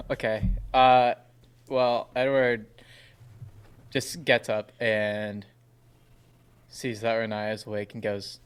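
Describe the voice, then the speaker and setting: A man's voice: fairly low pitch, flat delivery, slow pace, long pauses, smooth. A man playing a tabletop game, asking questions and reacting eagerly. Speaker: player.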